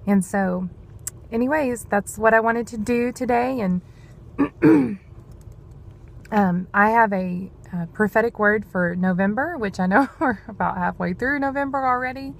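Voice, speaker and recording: A woman's voice: mid-range voice, measured pace, creaky. A woman, talking earnestly and a bit rambling in a devotional vlog. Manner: earnest, rambling, says "y'all". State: emotional, near tears. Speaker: vlogger sharing prophetic words.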